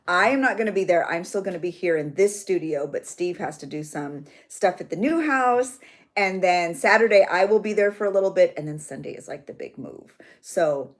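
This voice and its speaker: A woman in her thirties hosting a live chat for her journaling channel, bubbly and chatty, greeting viewers by name and laughing often. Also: lowish voice.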